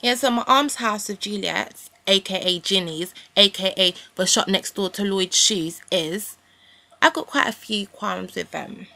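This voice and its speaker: A woman's voice: medium pitch, a little slow, creaky, bright, forceful tone. A young woman, ranting in a rambling, indignant way with casual slang as a vlogger. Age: young adult. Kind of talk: ranting to camera.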